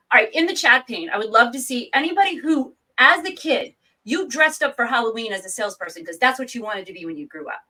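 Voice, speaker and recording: A bright, lively woman from New England chats as an author and guest, jumping into quick asides. Her voice sits a little high and comes from back off the mic. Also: distant mic, poor audio. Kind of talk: casual interview chat.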